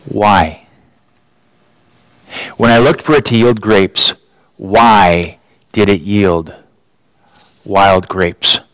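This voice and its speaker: A man preaching a sermon, building emphasis with sudden rises in pitch and repeating words as he restarts his phrases. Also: extremely slow, long pauses, a bit bright, no echo, poor audio.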